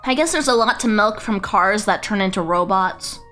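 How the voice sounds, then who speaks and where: A woman VTuber chatting on a casual livestream, rambling, excitable and swearing freely. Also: mid-range voice, moderate pace, soft background music. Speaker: VTuber streamer.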